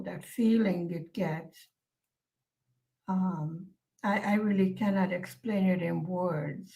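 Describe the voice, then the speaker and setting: Woman vlogger, casual chat, slow and soft-spoken, mid-range pitch. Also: poor audio. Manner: soft-spoken and musing, with many pauses and fillers. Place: lives in Hungary.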